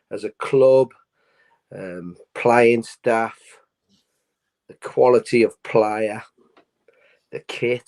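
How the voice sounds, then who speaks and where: A lower-pitched man speaks with a hoarse, worn-out voice. He talks bluntly and boastfully, and he keeps checking for agreement with short tag questions. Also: a little mellow. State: hoarse, lost his voice. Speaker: pundit on a fan phone-in.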